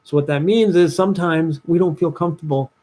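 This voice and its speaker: A young man, a dating coach talking to viewers on a livestream, telling a personal story with lively voiced-out asides. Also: fairly quick. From New Jersey, USA. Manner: animated storytelling, acts out his past self in a higher voice.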